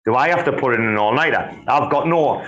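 A man's voice: medium pitch, fast, fairly bright tone, highs cut off. A man hosting a casual live audio chat, swearing, joking and laughing through his talk. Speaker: host.

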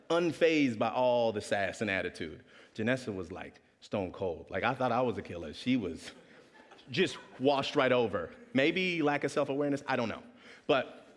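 A young man from Canada giving a humorous testimony talk, telling a story with animated delivery. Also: medium pitch, moderate pace. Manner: animated storyteller, acting out voices. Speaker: speaker. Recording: long hall reverb.

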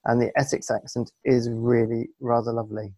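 Male podcast co-host, gravelly voice, dry and self-mocking, on a call from home. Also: medium pitch, level tone, fairly quick, dark tone, dry recording. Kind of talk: casual podcast banter.

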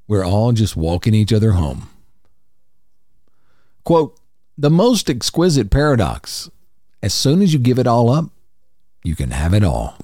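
A man hosting a podcast, calmly reading spiritual quotes and explaining each one. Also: mid-range voice, no room sound, studio quality. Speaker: podcast host.

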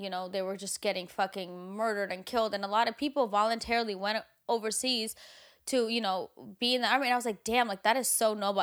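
A woman co-hosting a casual chat show, talking in an animated way with lots of fillers and frequent swearing. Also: medium pitch. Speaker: podcast co-host.

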